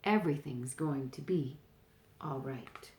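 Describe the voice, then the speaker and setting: Gentle protective queen, slow and soothing, read by a woman. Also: a bass voice, echoey room, pitched below the performer's own voice. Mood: reassuring. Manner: calm, reassuring. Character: kind, protective queen mother.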